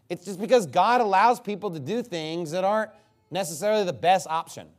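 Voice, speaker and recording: A man preaching an expository sermon, animated and mocking, reading scripture aloud and breaking into impressions. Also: high-pitched, fairly quick.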